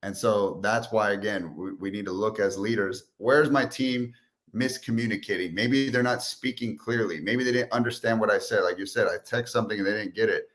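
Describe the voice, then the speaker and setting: A man's voice: on the low side, brisk. A man who is a guest on a podcast, telling business stories in casual chat and acting out quotes as he goes. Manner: animated storyteller, acts out quotes. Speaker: guest, sales expert and entrepreneur.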